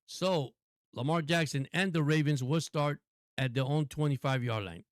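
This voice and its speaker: A man's voice: a little high, normal speed, no room sound, clean studio sound. Chatty man calling football live. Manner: chatty, laughs often, talks to viewers. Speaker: sports stream host. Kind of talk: casual live play-by-play commentary.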